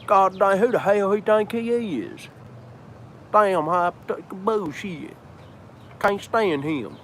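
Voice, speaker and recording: A man's voice: high voice, expressive, takes it slowly, a bit bright, slight background noise, pitched above the performer's own voice, heavily acted. A man putting on a cranky grumbling neighbor. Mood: scoffing. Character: cranky grumbling older male neighbor, a mocking troll.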